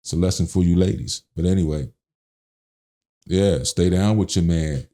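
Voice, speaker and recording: Deep-voiced man telling a story animatedly. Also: moderate pace, pauses often. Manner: animated storyteller, acts out quotes, slangy. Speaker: podcast guest. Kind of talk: storytelling in casual interview.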